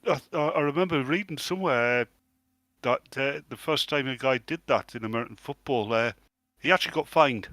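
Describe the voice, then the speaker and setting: A man's voice: mid-range voice, brisk, fairly bright tone, dry recording. A man, cohosting a casual podcast and building up jokes. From England. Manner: joking, builds up punchlines. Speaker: podcast co-host. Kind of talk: casual chat.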